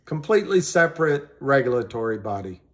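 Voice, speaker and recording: A man's voice: medium pitch, sing-song, fairly quick. A man hosting a casual livestream, rambling about money and greeting viewers by name, often trailing off and restarting. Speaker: livestream host.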